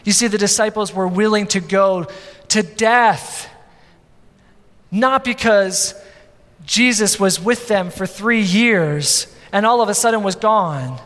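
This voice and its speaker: A man in his thirties preaching a sermon as pastor, animated, with many repeats and asides. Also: high voice, slow pace. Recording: long hall reverb.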